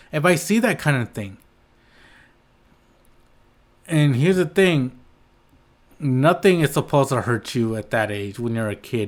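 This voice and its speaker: A man's voice: mid-range voice, a bit bright. A man hosting his own podcast, ranting in a heated, rambling way with blunt swearing and frequent restarts. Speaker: podcast host. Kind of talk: solo podcast rant.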